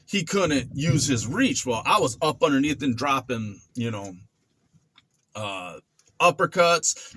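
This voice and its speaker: A fairly high-pitched, husky man's voice comes through with no room sound. In his forties, this vlogger casually shares a past story, bringing it to life by acting out voices and sound effects.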